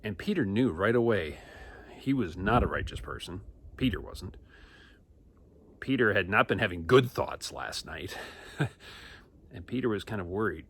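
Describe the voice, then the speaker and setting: A man telling a Bible story to children in an animated, acted-out storytelling manner. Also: on the low side, moderate pace, vocal fry, pauses often, slight background noise. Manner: lively, acts out characters and sound effects. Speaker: children's church teacher.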